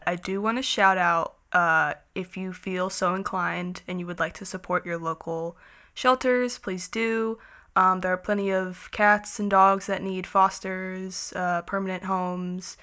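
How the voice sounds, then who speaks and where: A woman's voice: fairly low pitch, steady tone, measured pace, sharp tone. A woman guesting on a casual podcast, speaking earnestly and encouragingly to her friend.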